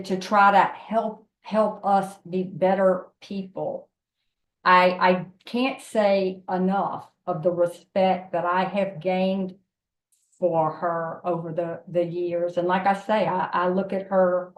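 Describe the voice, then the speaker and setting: Woman with a low voice in an echoey room. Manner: emotional, emphatic, repeats words. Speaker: member introducing the speaker. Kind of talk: heartfelt introduction on a group call. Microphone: video call.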